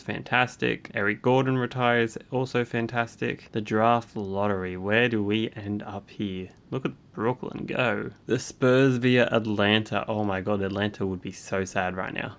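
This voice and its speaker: Gravelly, chatty young gaming commentator. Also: male voice, mid-range voice. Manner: chatty, reacts aloud with sudden excited jumps. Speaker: gaming YouTuber. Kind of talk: casual video game commentary.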